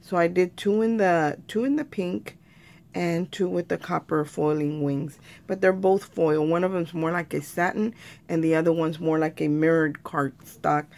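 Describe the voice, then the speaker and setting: A woman explains a craft project step by step in a relaxed, chatty way, often turning to her viewers as "you guys". Her voice sits a little low and carries a gravelly fry. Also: normal speed. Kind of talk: casual craft tutorial.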